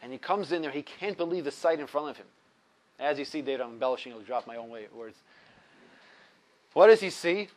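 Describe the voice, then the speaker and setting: A man teaching a religious ethics lesson, telling a story animatedly with big swings between loud and soft. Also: mid-range voice, expressive, brisk, pauses often. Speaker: Torah teacher.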